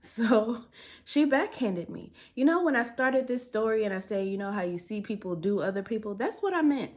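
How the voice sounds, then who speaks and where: A woman's voice: on the high side, animated, moderate pace, darkish tone. A young woman telling a personal story in a casual, chatty way, laughing often and using dialect grammar. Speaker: storytime vlogger.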